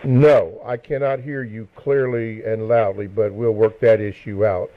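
A man's voice: on the low side, steady tone, a little slow, slight background noise. Hesitant male radio host. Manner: hesitant, with many fillers and restarts. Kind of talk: live radio interview. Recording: narrow radio broadcast sound.

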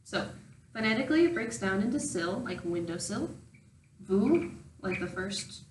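A woman's voice: medium pitch, lively intonation, a little slow. A young adult woman giving a casual spoken lesson, explaining step by step with wry little jokes. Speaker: language teacher. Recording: roomy echo from a distant mic, faint hum.

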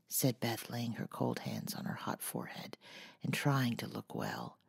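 Low, husky woman reading an audiobook. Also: sing-song. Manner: soft and measured, sometimes near-whispered. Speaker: audiobook narrator.

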